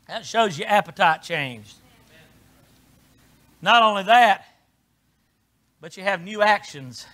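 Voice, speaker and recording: A middle-aged man preaching a sermon in a folksy way, moving from quiet asides to shouted preaching. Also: high-pitched, animated, slow pace. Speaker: pastor.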